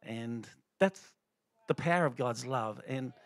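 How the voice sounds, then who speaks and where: A middle-aged man shares a testimony at church. His delivery is loose and conversational, full of fillers and restarts, pitched in an ordinary male range. The recording is dry, with no room echo. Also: slow. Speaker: lay speaker sharing a testimony.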